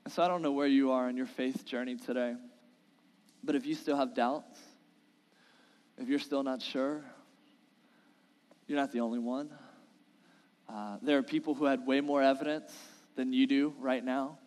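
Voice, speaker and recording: A man's voice: mid-range voice, fairly even intonation, moderate pace, a little mellow. Impassioned man preaching in a reverberant church. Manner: earnest, building to impassioned pleading. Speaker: pastor. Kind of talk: sermon with scripture reading. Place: church sanctuary. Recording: long reverb of a large church hall.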